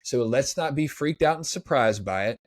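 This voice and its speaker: A man talking as a sports psychologist guest in a casual podcast interview, energetic and acting out pep talks. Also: mid-range voice, moderate pace, no echo. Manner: energetic, acts out pep talks in quoted voices.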